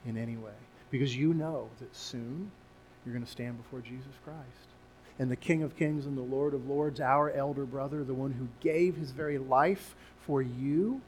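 A man preaching a sermon as pastor, swinging from quiet, drawn-out phrases to loud, emphatic cries. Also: medium pitch, a little hiss or hum, poor audio. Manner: slows to drawn-out, deliberate phrases. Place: church sanctuary.

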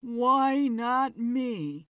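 A woman voicing a male spirit medium who is possessed, wailing in slow, drawn-out moans. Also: a little high, lively intonation, fairly bright tone, no room sound. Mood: moaning, anguished.

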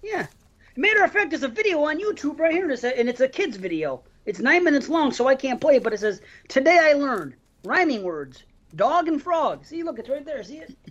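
A man's voice: very high voice, big pitch swings, a little fast, a bit bright, lo-fi sound. A man hosting a casual podcast, reading listener mail aloud and chatting with his co-hosts. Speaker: podcast host.

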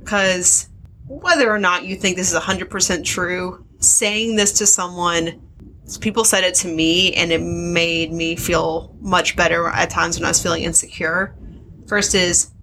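A woman's voice: fairly low pitch, steady tone, a little slow, bright, forceful tone, slight background noise. A young adult woman co-hosting a casual podcast chat about motherhood, frank and chatty with frequent laughs. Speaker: podcast co-host.

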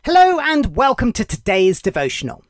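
A devotional podcast host telling a story for children in a gentle, clear way. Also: medium pitch, wildly swooping pitch, moderate pace, over music.

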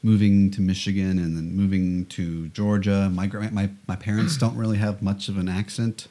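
A man's voice: low voice, fairly even intonation, normal speed, warm tone. A man from the United States, an English teacher, answering interview questions in an easygoing way with short, agreeing replies. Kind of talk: casual interview chat.

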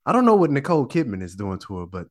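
A man co-hosting a podcast in casual chat, animated and profane, stammering and restarting as he talks. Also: medium pitch, racing. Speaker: podcast co-host.

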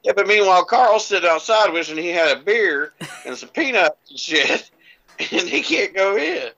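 A man's voice: high-pitched, animated, moderate pace, creaky, sharp tone, lo-fi sound. A man co-hosting a casual comedy podcast, joking playfully with a lot of swearing and spinning silly what-if scenarios. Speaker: podcast co-host.

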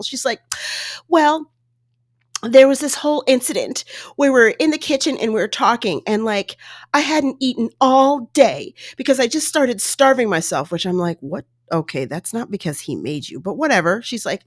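A woman podcast host talking chattily and casually, her pitch leaping around as she acts out what others said. Her voice is close and dry, with no room sound. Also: no room sound. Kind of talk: casual solo podcast recap.

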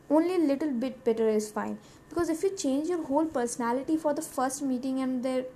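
A woman's voice: high voice, warm tone. A teenage girl talking casually to camera in a rambling, self-mocking way with lots of giggles. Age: teens. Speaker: vlogger. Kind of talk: casual vlog monologue. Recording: faint background noise.

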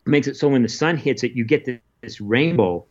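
Earnest, halting man on lo-fi audio. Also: mid-range voice, a little mellow. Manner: earnest, halting, with many restarts and fillers. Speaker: interview guest, polar adventurer. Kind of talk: casual recounting of an expedition.

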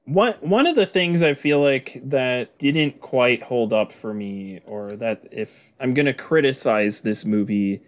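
A man's voice: mid-range voice, lively intonation, measured pace, hardly any pauses. A man co-hosting a podcast, chatting casually about films, musing aloud and hedging with lots of "like" and "I feel like". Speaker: podcast co-host. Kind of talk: casual film discussion.

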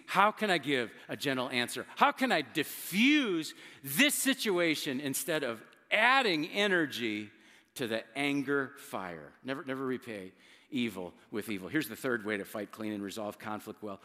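A middle-aged male pastor preaching in a conversational, emphatic way, with dramatic pauses and words he repeats. His voice is bright and forceful. It rings out with a long reverb, as if he is in a large hall. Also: medium pitch. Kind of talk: sermon.

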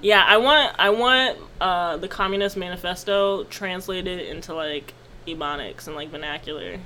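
A young woman co-hosting a podcast chats in loose, profane, joking banter. She is from Maryland, and her voice sounds bright. A faint hiss of noise sits under the recording. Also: fairly low pitch, normal speed. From Maryland, USA. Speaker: podcast co-host. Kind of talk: casual chat.

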